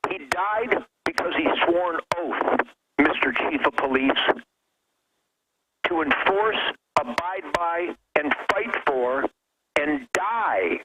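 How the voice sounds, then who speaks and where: A man's voice: a little high, dull audio. A man calling in as a radio show guest, delivering a fiery, preachy rant that builds into outbursts. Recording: noisy radio line.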